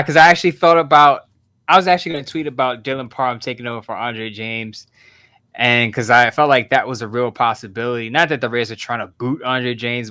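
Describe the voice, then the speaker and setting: A man co-hosting a sports podcast as an NFL writer, laughing easily and breaking down games with energy. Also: mid-range voice. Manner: laughs easily, animated analysis. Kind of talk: casual sports chat.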